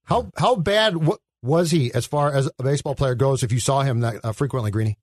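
A man's voice: medium pitch, a little fast, no echo, clean studio sound. A man co-hosting a sports talk radio show, jumping in with eager follow-up questions. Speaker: radio co-host.

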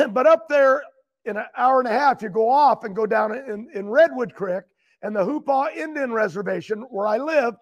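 An older man, a guest, telling long rambling stories that keep restarting, with frequent throat clearing. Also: extremely high pitch, moderate pace, muffled recording. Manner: loose, meandering, keeps restarting and clearing his throat. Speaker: guest, racing driver. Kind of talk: rambling storytelling.

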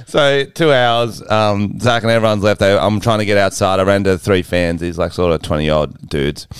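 An Australian man co-hosting a podcast, telling an anecdote in a lively, laughing way. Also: low voice, normal speed, few pauses, smooth, no echo, studio quality. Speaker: podcast co-host. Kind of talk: casual chat, storytelling.

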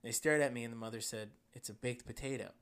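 A man with a New Jersey accent, co-hosting a podcast in casual chat, reading a story with a deadpan delivery and bursts of laughter. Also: mid-range voice, quick pace, clean tone. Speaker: podcast co-host.

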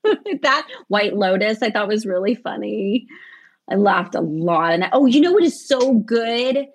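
A woman's voice: mid-range voice, lively intonation, a little slow. A woman, chatting in an interview as the guest, laughing often and telling stories with animation. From American South. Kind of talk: casual interview chat.

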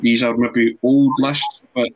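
A man's voice: medium pitch, little pitch movement, slow pace, no echo, low-quality recording. Male podcast host, conversational, dry close recording. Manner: conversational, addresses co-hosts by name. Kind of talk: casual football podcast chat.

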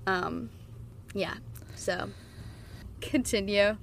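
A woman's voice: mid-range voice, drawn-out words, creaky. A young woman co-hosting a podcast, making wry remarks and giving short agreeing replies in casual chat. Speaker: podcast co-host.

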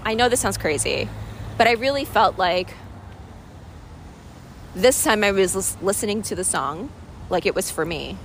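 A woman's voice: medium pitch, lively intonation, normal speed, pauses often, a little hiss or hum. A woman talking candidly and emotionally in a personal vlog, rambling with many fillers, recorded outdoors in a city. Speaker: vlogger.

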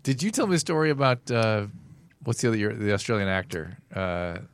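A man hosting a podcast, asking quick, probing questions in a casual chat. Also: fairly low pitch, very animated, clean tone, dry recording. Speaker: podcast host.

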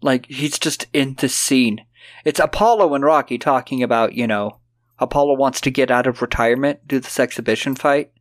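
A man's voice: mid-range voice, normal speed, no room sound. A man co-hosting a podcast, recapping movie scenes with profane jokes and silly voices. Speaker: podcast co-host. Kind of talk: casual movie chat.

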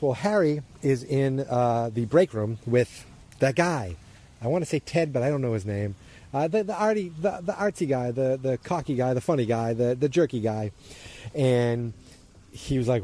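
A man casually retelling a TV episode outdoors, rambling and acting out the characters' lines with jumps in his voice. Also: warm tone. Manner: rambling, acts out quoted lines with jumps in pitch. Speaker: TV episode recapper. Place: outdoors near turning-on sprinklers.

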